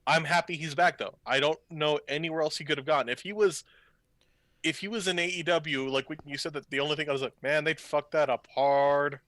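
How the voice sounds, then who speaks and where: Bright-voiced man, candid podcast co-host. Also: on the high side, fast, no room sound. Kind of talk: casual wrestling chat.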